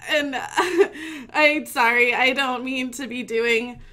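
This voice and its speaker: A woman's voice: high-pitched, steady tone, slow, pushed and bright. A young woman streamer from Missouri giving a gushing, giggly mock acceptance speech, pretending to hold back tears.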